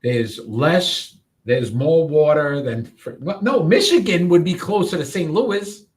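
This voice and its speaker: A man's voice: on the high side, lively intonation, unhurried. A man co-hosting a sports picks show in casual banter, announcing the matchups and joking along.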